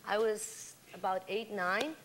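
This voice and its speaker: A woman with a Mexican accent, a talk show guest, chatting casually and telling a joke with lively character voices. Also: mid-range voice, slow pace, a little hiss or hum. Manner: laughing, animated storytelling with voiced characters. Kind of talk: casual chat. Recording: 1990s-2000s VHS TV broadcast, studio audience.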